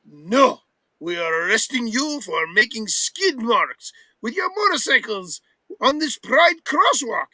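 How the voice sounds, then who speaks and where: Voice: mid-range voice, sing-song, slow pace, bright, forceful tone, no room sound, full character voice. Someone doing a pompous French cop. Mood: officious. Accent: fake French. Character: pompous French police officer, male. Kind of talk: comic read-aloud with voices.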